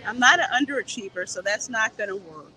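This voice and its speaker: A woman's voice: a little high, expressive, a little fast, pushed and bright, low-quality recording. A woman, live-streaming a casual, playful walk through a theme park gift shop and talking straight to her viewers.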